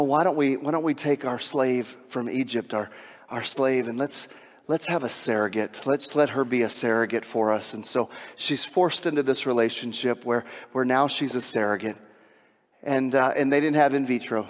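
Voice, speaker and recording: A man preaching a sermon with emphatic delivery, swinging from hushed, intimate passages to shouted climaxes. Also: mid-range voice, long reverb tail. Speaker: pastor.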